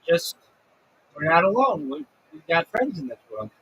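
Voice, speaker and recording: A man on a livestream rants to viewers in loose, profane chat. His voice is raspy and pushed hard, with a tense, forceful edge, and sits a little higher than most men's. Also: sing-song, moderate pace, muffled recording. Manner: profane, ranting.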